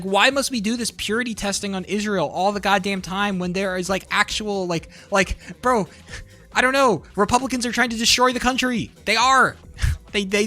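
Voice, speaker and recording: A man's voice: very high voice, pushed and bright. A man livestreaming, ranting about politics in a profane, heated, rambling way. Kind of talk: casual political rant while gaming.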